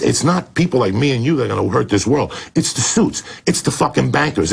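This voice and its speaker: A middle-aged man, a comedian guest, ranting and telling a story with constant swearing and bursts of shouting and laughter. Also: medium pitch, creaky, breathy edge. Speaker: comedian guest on a talk show.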